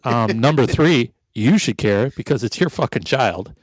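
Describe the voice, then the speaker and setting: A man's voice: mid-range voice, lively intonation, normal speed, dry recording. A man co-hosting a casual podcast. He talks wryly and swears a lot, and he reads out research notes. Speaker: podcast co-host.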